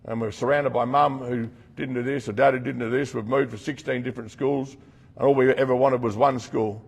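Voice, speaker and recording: Middle-aged Australian man, rehab program leader: blunt, earnest talk to a group, husky and gravelly. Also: mid-range voice, fairly even intonation, a little fast. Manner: blunt, earnest storytelling with slang. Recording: long reverb from a hall.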